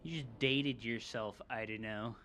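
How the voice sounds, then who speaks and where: A woman streaming a game, chatting casually with viewers in an excitable, profane, joking manner. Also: very deep voice, measured pace, a little hiss or hum. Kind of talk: casual live-stream chat.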